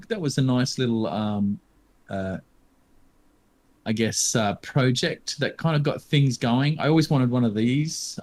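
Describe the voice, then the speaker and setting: A man's voice: medium pitch, darkish tone. A man in his fifties co-hosting a podcast, talking casually with many ums and restarts. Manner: hesitant, lots of ums. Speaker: podcast co-host. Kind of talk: casual chat.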